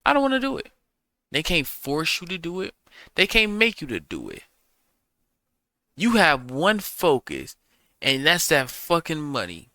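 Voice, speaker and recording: Male reaction host, blunt and profane, bright forceful voice, dry close mic. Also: fairly high pitch, sing-song, measured pace, long pauses, dry recording. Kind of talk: reaction commentary.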